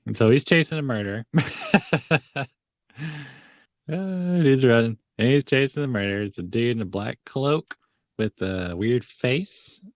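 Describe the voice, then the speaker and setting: A man's voice: medium pitch, lively intonation, measured pace, pauses often, no room sound, clean studio sound. A man co-hosting a podcast, retelling a movie in casual chat, laughing often and briefly acting out the characters' lines. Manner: laughs often, acts out quotes in funny voices. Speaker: podcast co-host.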